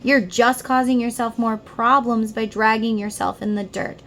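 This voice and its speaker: With slight background noise behind her, a middle-aged woman delivers a casual tarot reading in a slightly high, steady voice at a moderate pace. Her manner is earnest and heartfelt as she speaks to the listener directly.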